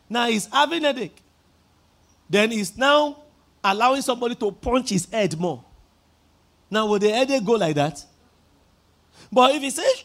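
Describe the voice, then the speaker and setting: This sermon comes from a Nigerian-accented man whose voice is very high and expressive, delivered at an ordinary speed. As pastor, he speaks emphatically, gets the congregation repeating after him, and climbs into shouts.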